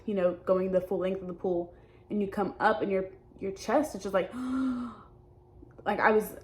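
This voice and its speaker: A young adult woman talking openly in a personal vlog, halting and hesitant, often restarting her sentences. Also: mid-range voice, a little mellow, a little hiss or hum. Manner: earnest and open. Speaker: vlogger.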